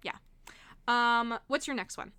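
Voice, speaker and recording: A young woman chats casually and laughs often, her voice bright and crisp. She swears freely and sounds animated throughout. The recording is close and dry, with no room sound. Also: a little high, measured pace, no echo. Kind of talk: casual chat.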